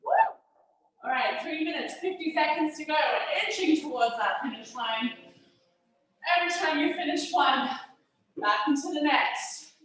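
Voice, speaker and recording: High-voiced woman leading a workout, counting reps, cheering, kinda breathless, super echoey room, mic far off. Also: expressive, normal speed, fairly bright tone, a little hiss or hum. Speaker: fitness instructor. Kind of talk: workout class instruction.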